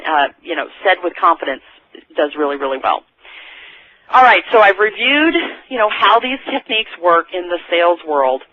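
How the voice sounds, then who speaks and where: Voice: mid-range voice, no room sound. A sales trainer giving a recorded training talk in a conversational way, often restarting sentences. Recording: dull, dry lo-fi recording.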